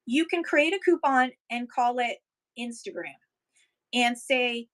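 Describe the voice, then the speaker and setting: Bright, high-voiced upbeat woman livestreamer. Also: a little slow, rough recording. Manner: upbeat, encouraging, thanks viewers by name. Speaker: livestream seller coach. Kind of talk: casual livestream chat, reading viewer comments.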